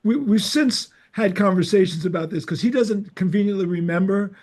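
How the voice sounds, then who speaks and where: An older man with a noticeably high voice hosts a casual podcast chat. He tells stories with energy and acts out both sides of the dialogue. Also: normal speed. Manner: animated anecdotes, acts out dialogue. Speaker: podcast host.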